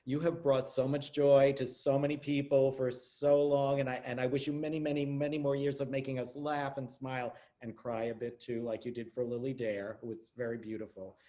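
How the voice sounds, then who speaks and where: A man's voice: mid-range voice, flat delivery, a little fast, hardly any pauses, mellow. A man hosting an online talk show over a video call, earnest and effusive with his thanks. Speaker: show host.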